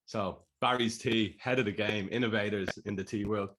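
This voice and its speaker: A man's voice: lowish voice, steady tone, normal speed, fairly bright tone. A man with an Irish accent co-hosting a podcast, chatting casually and telling rambling, jokey stories. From Ireland. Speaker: podcast co-host.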